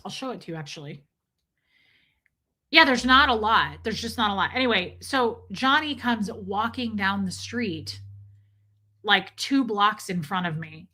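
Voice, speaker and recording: A woman's voice: mid-range voice, pushed and bright. A middle-aged woman hosting a casual livestream, chatting and telling rambling stories while answering comments. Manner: chatty, rambling storytelling, reads comments aloud. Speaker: livestream host. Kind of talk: casual live chat.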